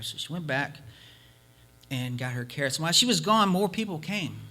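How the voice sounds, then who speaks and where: A man's voice: high voice, big pitch swings, brisk, sharp tone. A male preacher giving an emphatic sermon, hammering points by repetition and telling a folk story. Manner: emphatic, repeating points for force.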